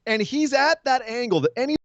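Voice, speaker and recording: A man from California co-hosting a podcast in casual chat over a call, joking and quick-witted. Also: extremely high pitch, very animated, dry recording. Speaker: podcast co-host. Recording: dull lo-fi sound.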